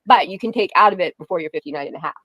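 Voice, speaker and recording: A woman's voice: fairly low pitch, racing, a bit bright, no room sound. A woman in her forties talking in a rambling, tearful way on a livestream, full of fillers. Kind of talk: rambling personal livestream talk.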